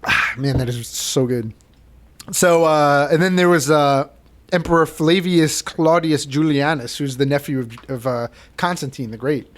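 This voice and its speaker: A man hosting a casual podcast, chatty and quick to laugh, with lots of fillers. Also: on the high side. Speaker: podcast host.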